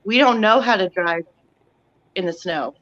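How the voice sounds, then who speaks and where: Friendly woman from Texas, mid-pitched voice, dull lo-fi call audio. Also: unhurried, a bit bright. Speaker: company guest. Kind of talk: casual chat on a live stream.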